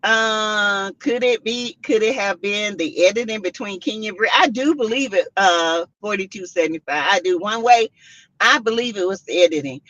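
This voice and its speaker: A woman hosting a casual commentary stream, reading out chat comments and making her points with animated, repetitive emphasis. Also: medium pitch, moderate pace, no echo. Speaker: host. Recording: dull lo-fi sound.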